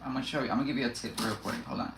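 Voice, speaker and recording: A woman's voice: rumbling low, big pitch swings, rapid-fire, very noisy. A woman hosting a casual live cooking stream from her home kitchen, chatting to viewers and to herself while she works, with lots of restarts. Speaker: cooking livestream host. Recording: echoey kitchen with loud pan and dish clatter.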